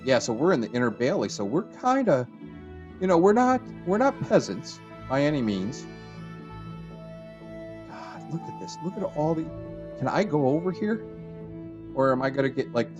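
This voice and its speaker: Rambling male let's-play commentator. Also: dull audio. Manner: rambling, chatty, trails off and restarts; excited bursts of high pitch at discoveries. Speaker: gaming channel host.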